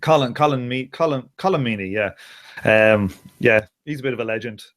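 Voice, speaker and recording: Dublin Irish man, casual guest chat, rambling, restarts a lot, mid-pitched. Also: a little fast. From Ireland. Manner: rambling, many restarts and fillers.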